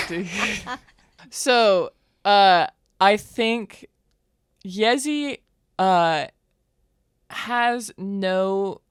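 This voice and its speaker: A woman's voice: mid-range voice, clean tone, no room sound, studio quality. A woman playing a tabletop game, chatting casually and eagerly. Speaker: player. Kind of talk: casual chat.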